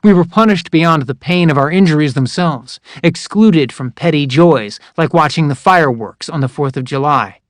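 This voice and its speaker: A man narrates a first-person memoir audiobook with a measured, wry, matter-of-fact delivery. His voice sits a little higher than most men's and is recorded close on a dry studio mic. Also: no room sound.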